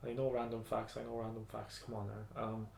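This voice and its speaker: A man's voice: on the low side, level tone, fairly quick, creaky, very noisy. A young man co-hosting a podcast in casual chat, rambling, swearing a lot and laughing often. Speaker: podcast co-host. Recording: echoey room.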